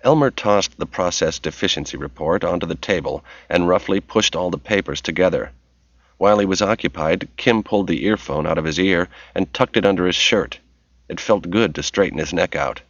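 A man narrating a novel as an audiobook in a steady, measured reading voice. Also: low voice, dry recording, highs cut off.

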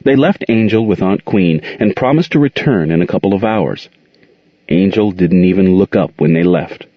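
Expressive male audiobook narrator, deep, dry, lo-fi recording. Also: normal speed, dry recording. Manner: expressive storytelling. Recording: dull, dry muffled audio.

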